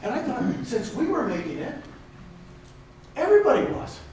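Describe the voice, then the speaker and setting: An older man gives an emphatic motivational talk to a live audience in a large conference room, repeating phrases for effect. His voice is very high-pitched and very animated, a little mellow, at a moderate pace. The distant mic picks up an echoey hall and a little hiss or hum.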